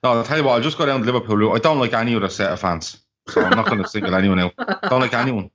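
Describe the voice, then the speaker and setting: A man's voice: lowish voice, very fast, a bit bright. A man, co-hosting a football podcast with blunt, sweary rants. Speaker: podcast co-host. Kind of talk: casual football banter. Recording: dull, lo-fi call audio.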